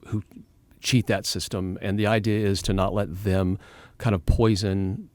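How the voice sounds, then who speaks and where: A man's voice: on the low side, little pitch movement, measured pace, darkish tone, no room sound. A man who leads a Christian charity, talking earnestly in an interview and telling a personal story. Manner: earnest, storytelling, many restarts. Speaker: executive director of a Christian charity. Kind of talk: conversational interview.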